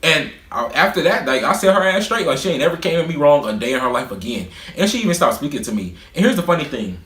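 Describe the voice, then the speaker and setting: A young man in his twenties telling a storytime vlog, animated, profane and boastful. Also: a little high, fast. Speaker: vlogger. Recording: roomy echo.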